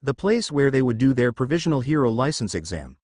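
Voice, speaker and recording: A man narrating a fan fiction story aloud in a lively storytelling manner. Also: medium pitch, fairly quick, no room sound, clean studio sound.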